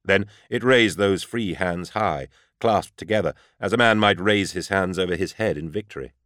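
A man reading a first-person story aloud in a grave, measured storytelling manner. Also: low-pitched, fairly bright tone, dry recording, clean studio sound. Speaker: audiobook narrator. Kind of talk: first-person scripted narration.

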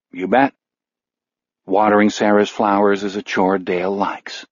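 A male narrator reads a dark novel in a measured, grim style. His voice sits low. The sound is dull and very dry, as if close to the mic in a treated booth. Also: husky, no echo. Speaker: audiobook narrator. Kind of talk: scripted narration. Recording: dull, dry studio audio.

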